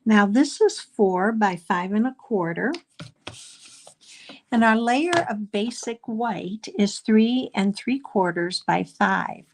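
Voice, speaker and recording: Slow-talking woman teaching card-making. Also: medium pitch. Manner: chatty step-by-step explaining with frequent ums. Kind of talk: live crafting class demonstration.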